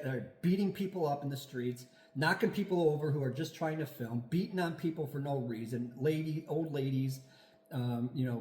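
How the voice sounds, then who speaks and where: A man's voice: a little high, darkish tone, reverberant. A man co-hosting a casual podcast chat, ranting angrily with lots of profanity. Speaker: podcast co-host.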